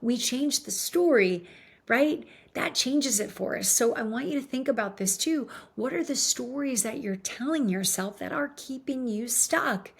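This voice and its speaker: A woman's voice: fairly high pitch, lively intonation, unhurried, vocal fry, husky. A woman giving an earnest motivational talk, coaching her listeners and often checking in with "right?". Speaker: motivational speaker.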